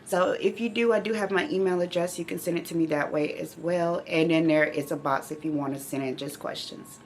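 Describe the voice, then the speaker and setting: Gravelly low-voiced woman vlog host. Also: fairly even intonation, fairly quick, a little hiss or hum. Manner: emotional, speaks directly to viewers. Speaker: channel host living with myeloma. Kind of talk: heartfelt casual vlog talk.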